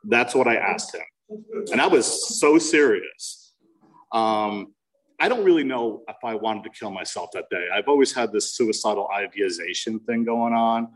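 A man's voice: on the low side, expressive, measured pace, far from the mic, poor audio. A man in his forties from New Jersey shares his recovery story at a meeting. He speaks candidly and mocks himself with wry humor. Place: meeting room.

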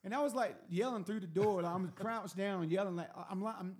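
Animated higher-voiced man telling a story. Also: brisk, slightly rough. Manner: animated, laughs often, repeats words. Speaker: podcast host telling a story. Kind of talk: casual storytelling chat. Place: room at a table.

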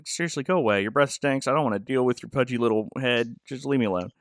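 Guy doing a grumpy army doc telling his boss to go away, flat and curt. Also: medium pitch, fast talker, no echo, studio quality, lightly acted. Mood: dismissive. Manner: dismissive, curt. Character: irritable male army surgeon brushing off a superior.

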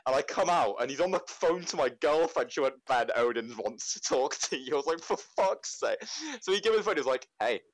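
Animated young man telling stories. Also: mid-range voice, fast, hardly any pauses, low-quality recording. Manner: swears freely, animated storytelling. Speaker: podcast co-host. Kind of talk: casual chat.

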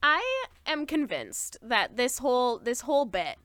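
A woman co-hosting a casual book-chat podcast, animated and giggly, reading quotes aloud. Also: fairly high pitch, unhurried. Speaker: podcast co-host.

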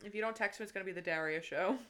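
A woman's voice: medium pitch, rapid-fire, a bit bright. A young woman co-hosting a podcast in casual chat, blunt and teasing, swearing a lot. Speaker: podcast co-host.

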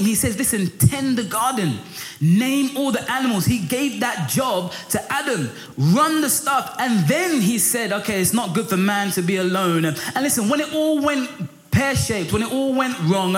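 A middle-aged man preaching a sermon in a lively, passionate way. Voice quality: high for a man, lively and passionate, rising when pressed. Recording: echoey room with faint music.

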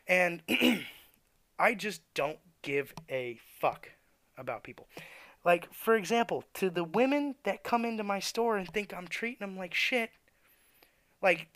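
A man's voice: sits high, lively intonation, measured pace, a bit bright, no echo. A young man ranting bluntly and profanely as a podcast host, venting about customers at his tire shop. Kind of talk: ranting monologue.

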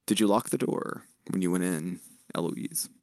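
A man's voice: low-pitched, moderate pace, darkish tone, no echo, studio quality. A man running a tabletop role-play game as game master, narrating and calling for dice rolls.

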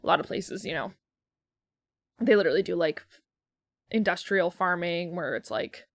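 A woman's voice: on the low side, moderate pace, vocal fry, dry recording, clean studio sound. Wry profane woman chatting. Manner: wry, profane, laughs often. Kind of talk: casual comedic chat.

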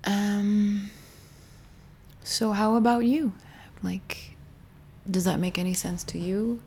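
A young woman speaking to viewers in a gentle, intimate way, often dropping into a whisper and circling back over her words. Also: mid-range voice, fairly even intonation, takes it slowly, breathy edge. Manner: gentle, intimate, rambling with many restarts. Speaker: spiritual healing teacher. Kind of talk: soft, partly whispered reflective talk to viewers.

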